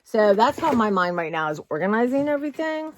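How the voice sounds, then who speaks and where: A woman's voice: on the high side, sing-song, fairly quick. A woman vlogging casually from her home, chatty and rambling, often saying "y'all". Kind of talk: casual chat. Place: home, indoors.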